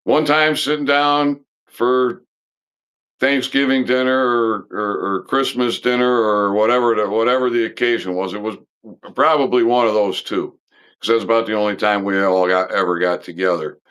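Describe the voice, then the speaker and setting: Man hosting a stream, low-ish smooth voice, unhurried rambling monologue with frequent restarts. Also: steady tone, a bit bright. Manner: halting, full of pauses and restarts; blunt, occasionally swears. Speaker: live stream host.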